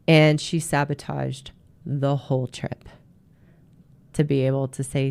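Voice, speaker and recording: A woman's voice: rumbling low, level tone, measured pace, gravelly, pauses often, darkish tone. A woman hosting a solo talk show, speaking earnestly to listeners and giving advice, often restarting her phrases. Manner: earnest, advising, with frequent restarts. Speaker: host.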